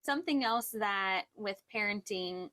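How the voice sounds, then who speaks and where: A woman's voice: medium pitch, unhurried, sharp tone. A woman in her thirties co-hosting a casual faith-based chat, earnest and reflective, often laughing. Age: 30s. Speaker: podcast co-host.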